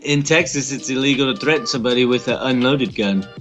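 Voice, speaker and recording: A man's voice: medium pitch, fast talker, a bit bright, faint music behind, poor audio. A man co-hosting a casual podcast, reading out odd laws and tossing in dry quips. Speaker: podcast co-host. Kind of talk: casual chat.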